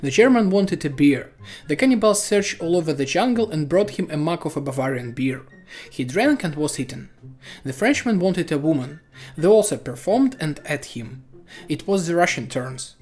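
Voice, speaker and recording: Lively synthetic joke-telling voice. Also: mid-range voice, normal speed. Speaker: joke narrator. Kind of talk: scripted joke reading.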